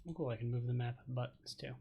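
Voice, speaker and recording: A man streams a role-playing game in a playful, chatty way, reading its story text aloud. His pitch sits in the middle for a man. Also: fairly even intonation, fast talker, gravelly, dark tone. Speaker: let's-play streamer.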